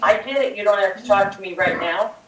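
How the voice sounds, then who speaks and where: A woman's voice: medium pitch, fairly quick, a bit bright, distant mic. An older woman speaks her mind at a school board meeting, impassioned and confrontational. Her voice echoes through a roomy hall, caught from some way off the mic. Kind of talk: public comment speech. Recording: echoey hall, picked up from afar.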